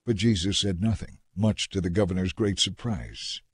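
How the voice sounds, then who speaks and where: A man narrating scripture in a measured, dramatic reading. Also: low-pitched, breathy edge, dry recording, clean studio sound.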